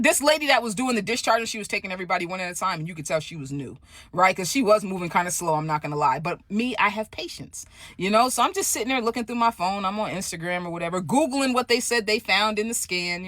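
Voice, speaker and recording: A woman telling a story in a casual vlog, animated and profane, often asking "right?". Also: mid-range voice, no room sound.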